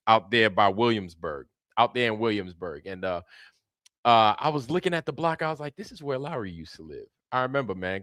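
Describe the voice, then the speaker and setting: A man's voice: medium pitch, a bit bright, dry recording. Dude hosting a live stream, chill and slangy, keeps repeating his hellos, dry close sound. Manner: loose, repetitive greetings with slang. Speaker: livestream host. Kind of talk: casual livestream chat.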